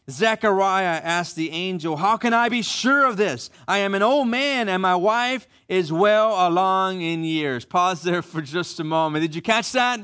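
A man preaching a sermon as pastor, reading scripture slowly and softly, then speaking up for lively asides. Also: sits high, clear, resonant tone.

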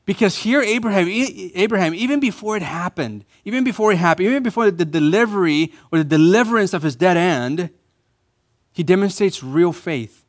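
In a church, a pastor delivers a sermon with emphasis, repeating key phrases and rising into louder bursts. His voice is high, animated and a little fast.

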